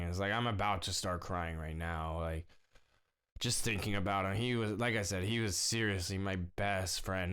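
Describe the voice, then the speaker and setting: A young man hosting a podcast, talking slowly and haltingly in a casual solo monologue with many fillers. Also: low-pitched, a bit bright, clean tone. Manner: slow, halting, emotional talk with many fillers. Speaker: podcast host.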